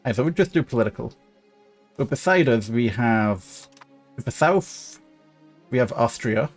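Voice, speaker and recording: Man gaming commentator, mid pitch, musing aloud, soft music under him. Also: lively intonation, normal speed. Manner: thinking aloud with fillers and restarts. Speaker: gaming YouTuber. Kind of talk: casual let's-play commentary.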